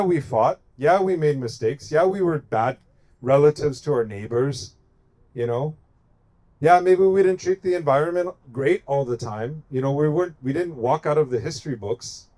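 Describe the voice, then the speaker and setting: A man's voice: medium pitch, a little mellow. A man from the United States giving an impassioned speech at a protest encampment, building his points through emphatic, repeated phrases. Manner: emphatic, repetitive rhetorical cadence. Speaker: activist speaker at a protest encampment.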